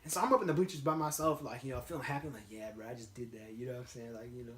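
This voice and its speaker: A man's voice: mid-range voice, very fast, fairly bright tone. A young man telling a laid-back, slangy story in casual chat, often breaking into laughter. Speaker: guest storyteller. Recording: roomy echo.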